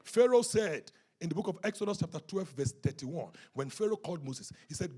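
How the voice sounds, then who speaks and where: A pastor delivers a rousing sermon at a church service, calling out to the congregation and frequently shouting. His male voice is a little high, expressive, and fairly quick, with a breathy edge.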